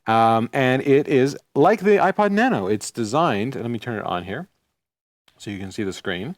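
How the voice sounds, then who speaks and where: A man's voice: medium pitch, animated, moderate pace, no room sound. A man co-hosting a casual tech show, chatting and ranting in a joking way while demonstrating a gadget.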